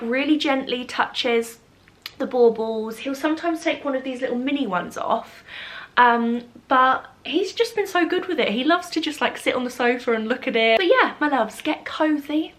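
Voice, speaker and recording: A young woman chatting warmly in a cozy vlog, a bit nasal and short of breath from a cold. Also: mid-range voice. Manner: gushing and affectionate, many "like"s. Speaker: vlogger. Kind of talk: cozy casual vlog chat.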